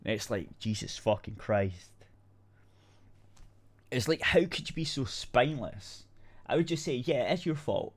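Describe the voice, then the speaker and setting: A man's voice: medium pitch, animated, a little slow, long pauses. A man, co-hosting a podcast in casual chat, ranting bluntly and swearing freely. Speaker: podcast co-host.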